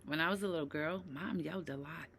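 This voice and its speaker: A woman in her fifties speaking to her viewers about mental health, emphatic, checking in with "right?" again and again, dropping low and quiet, then rising loud and heated. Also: quick pace, breathy edge. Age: 50s. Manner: emphatic, repeats "right?" often. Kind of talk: personal talk to camera.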